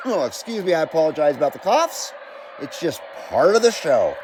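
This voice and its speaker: High-voiced American man chatting on a livestream. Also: huge pitch swings, moderate pace, background noise. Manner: chatty, reads viewer comments aloud, swears casually. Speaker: CB radio livestream host. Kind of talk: casual livestream chat. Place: home radio room.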